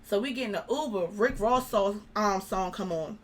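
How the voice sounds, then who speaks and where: A woman's voice: mid-range voice, normal speed. A young woman, a guest in an interview, telling a personal story in a casual way and acting out what people said. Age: young adult. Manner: animated, acts out quoted dialogue.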